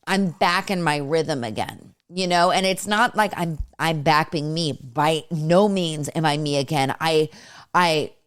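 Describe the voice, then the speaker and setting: A woman's voice: sits low, measured pace, clean tone. A woman podcast host in her thirties, talking casually and rambling with many fillers. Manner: rambling, lots of fillers like "you know". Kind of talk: casual conversational interview.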